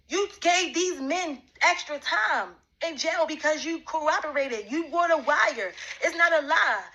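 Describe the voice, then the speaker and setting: Accusing woman with a bright, high voice. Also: highs cut off. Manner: repetitive, accusing, talks straight at one man. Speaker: vlogger addressing a rival. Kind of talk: confrontational direct-to-camera rant.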